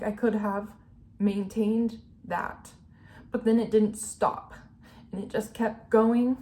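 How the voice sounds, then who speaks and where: Young woman, candid personal vlog, earnest and emotional, filler-heavy, average pitch. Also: darkish tone. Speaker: vlogger.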